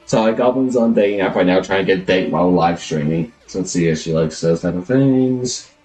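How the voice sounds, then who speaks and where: A man's voice: deep voice, a little fast, a little mellow, faint music behind. A man live streaming, chatting casually and rambling as he thinks aloud, always calling himself Goblin in the third person.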